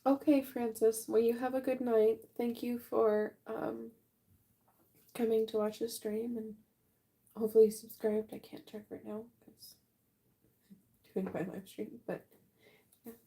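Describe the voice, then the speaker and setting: A woman in her late twenties chatting casually with viewers while she paints on a livestream. She is relaxed and talks at an easy pace, yawning often as she answers the chat. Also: fairly high pitch, a little slow, vocal fry, pauses often. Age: late 20s. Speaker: livestream artist. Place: art room at home.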